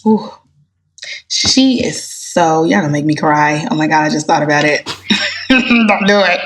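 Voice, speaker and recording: Lady gospel singer, chatty and animated, talks to her listeners like friends. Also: low-pitched, measured pace, slight background noise. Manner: animated, heartfelt storyteller, addresses listeners as y'all. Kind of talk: casual interview chat.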